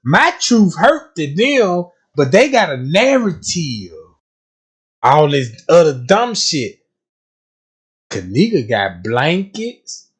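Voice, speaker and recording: A man's voice: high voice, very animated, takes it slowly, breathy edge. A man with a country Southern US accent hosting a livestream, talking casually with a lot of profanity, often repeating words as he stumbles and checking that his listeners follow. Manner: keeps asking listeners if they follow. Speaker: livestream host.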